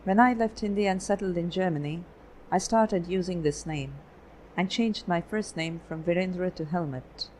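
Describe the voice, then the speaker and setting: A woman voicing a calm, guarded photographer raised in Germany, telling his past in a measured way. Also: lowish voice, a little hiss or hum, natural voice, rough recording. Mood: earnest. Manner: measured, explanatory storytelling.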